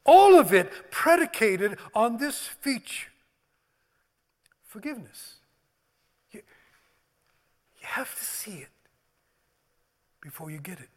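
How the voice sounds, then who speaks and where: A man preaching and leading communion, swinging from loud emphasis to hushed, near-whispered words. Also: high-pitched, big pitch swings, slow, long pauses. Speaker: pastor. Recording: long hall reverb.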